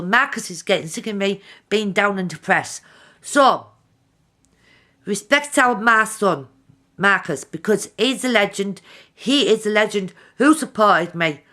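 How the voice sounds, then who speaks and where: A woman's voice: medium pitch, expressive, unhurried, bright, forceful tone. A middle-aged woman, talking heartfelt and direct to her viewers in a video diary. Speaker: vlogger.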